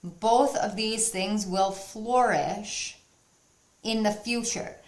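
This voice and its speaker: A tarot reader gives her viewers a spiritual pick-a-card reading in a medium-pitched voice at a slow pace. She is earnest and encouraging, and at times bursts with excitement.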